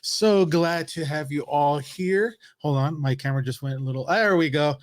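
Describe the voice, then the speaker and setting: A man's voice: fairly high pitch, normal speed, no room sound, clean studio sound. A man from California hosting a casual livestream lesson, chatty and upbeat, greeting viewers by name. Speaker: livestream host, education evangelist. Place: home office in Texas.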